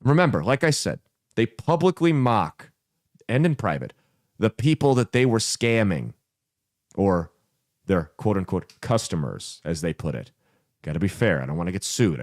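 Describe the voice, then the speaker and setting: A male podcast host rants in a blunt, sarcastic, profane way. His pitch swings widely, rising and dropping for emphasis. The recording is dry and close. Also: a little mellow, no echo. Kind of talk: comedic commentary rant.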